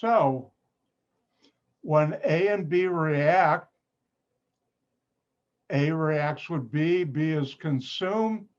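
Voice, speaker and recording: With a voice on the high side, this man talks very slowly and leaves long pauses. He's a chemistry professor patiently teaching online, repeating points and adding playful asides, recorded via a computer mic on a video call with muffled, lo-fi quality.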